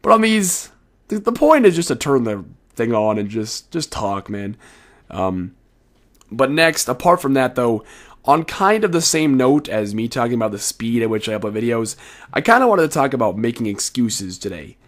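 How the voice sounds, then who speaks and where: A man's voice: mid-range voice, big pitch swings, normal speed. A teenage boy talking casually to his viewers late at night, rambling and frank, swearing now and then, a bit tired. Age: teens. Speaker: video creator. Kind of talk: casual solo commentary.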